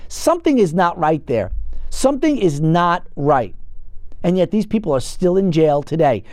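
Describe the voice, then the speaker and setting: A man with a high-pitched voice hosts a political commentary show, ranting with heat and piling up rhetorical questions. The recording is dry and close, with no room sound around him. He speaks to camera from an indoor set. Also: gravelly, darkish tone, dry recording.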